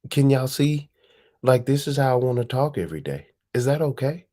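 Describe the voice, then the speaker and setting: A woman's voice: very deep voice, expressive, brisk, mellow. A woman hosting a live stream, talking casually and firing off profane rhetorical questions.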